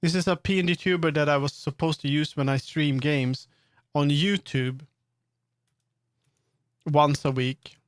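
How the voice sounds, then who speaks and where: A man's voice: fairly high pitch, no room sound, clean studio sound. A man streaming live who chats casually, trailing off and restarting his sentences and playfully repeating words over and over. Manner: rambling, trails off and restarts often.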